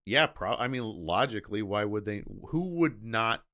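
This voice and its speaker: Low, bright-voiced man on a podcast. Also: animated. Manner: halting, restarts while reasoning things out. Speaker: podcast co-host. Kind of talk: casual movie discussion.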